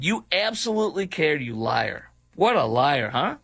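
A man hosting a talk show, delivering heated political commentary in an indignant, mocking tone that now and then rises to a shout. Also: a little high, big pitch swings, moderate pace, few pauses, no echo.

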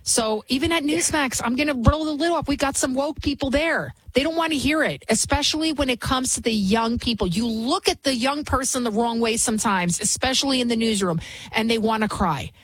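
Fast-talking sarcastic woman hosting talk radio. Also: fairly high pitch, breathy edge, no echo, rough recording. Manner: talks fast, rarely pauses; mocking, sarcastic. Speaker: talk show host. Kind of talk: opinionated talk radio commentary.

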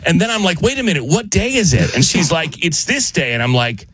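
Animated American man telling a story. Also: fairly high pitch, a little fast, husky, no room sound. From United States. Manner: animated, acts out the dialogue, laughs while telling. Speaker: storyteller on a podcast. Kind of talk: casual storytelling chat.

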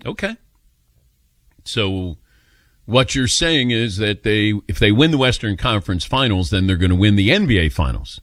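A man's voice: lowish voice, normal speed, no room sound, studio quality. A man hosting a sports talk radio show, telling stories casually and taking calls. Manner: animated anecdote-telling, mimics voices in quotes.

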